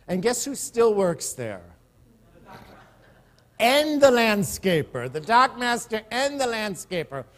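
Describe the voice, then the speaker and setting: High-voiced male pastor preaching. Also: sing-song, takes it slowly. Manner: storytelling, repeats words when starting sentences. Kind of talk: sermon. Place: church service.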